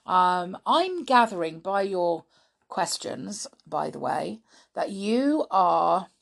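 A woman's voice: fairly low pitch, sing-song, slow pace, vocal fry. A British woman hosting a children's podcast, chatting playfully to young listeners about riddles and fun facts, often laughing.

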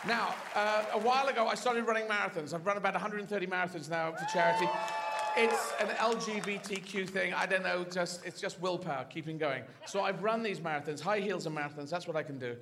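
A man's voice: high voice, quick pace. A male stand-up comedian telling a rambling, playful story on stage. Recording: live show with clear crowd noise.

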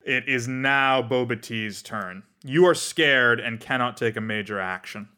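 A man's voice: mid-range voice, sharp tone, clear, resonant tone. A man running a tabletop game as game master, narrating playfully over background music. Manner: playful, doing quick character voices.

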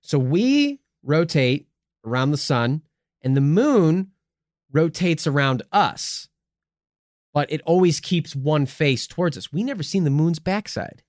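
Animated high-voiced profane man. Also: a little slow, dry recording, clean studio sound. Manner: profane, joking, animated storytelling. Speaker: podcast host. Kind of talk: casual conspiracy podcast chat.

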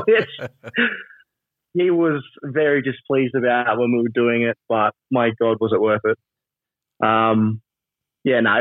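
A chatty man talks in a loose, rambling way, laughing often and leaning on fillers. His voice comes over a thin, tinny phone-like line with no room sound at all. He sits at a middle pitch for a man. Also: dry recording. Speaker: wrestler and trainer, interview guest. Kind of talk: casual interview over a call.

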